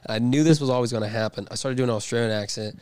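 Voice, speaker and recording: A man's voice: mid-range voice, very fast, a little mellow, smooth, no room sound. A man co-hosting a podcast in casual chat, often laughing while telling stories. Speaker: podcast co-host.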